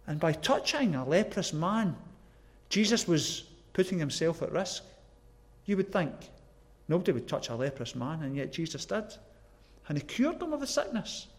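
A man's voice: on the high side, sing-song, normal speed. A man from Scotland with a Glasgow accent preaching a sermon, earnest and emphatic, asking the listeners questions. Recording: long echoey hall reverb.

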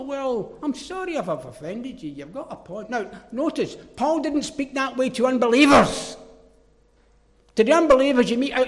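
A man preaching a sermon, emphatic and forceful, dropping into low mocking asides. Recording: reverberant hall.

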